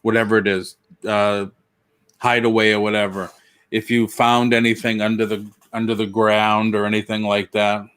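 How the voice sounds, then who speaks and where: A man's voice: fairly low pitch, flat delivery, moderate pace, a bit bright, clean tone. A man co-hosting a live online chat, joking and teasing the others in a casual way. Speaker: co-host of a reselling live show.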